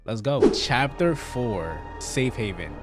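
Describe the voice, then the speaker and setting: A man hosting a gaming channel, talking excitably through a let's play and calling everyone "bro". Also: medium pitch, slow. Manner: excitable, chatty, says "bro" constantly. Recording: beat music under voice.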